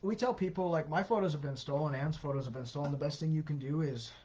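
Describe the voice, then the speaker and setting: A man's voice: on the high side, quick pace, warm tone, husky. A man hosting a casual Q&A, answering viewer questions in a conversational, advisory way with many fillers. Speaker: host of an anti-scam Q&A. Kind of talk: casual livestream Q&A. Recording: dull lo-fi sound.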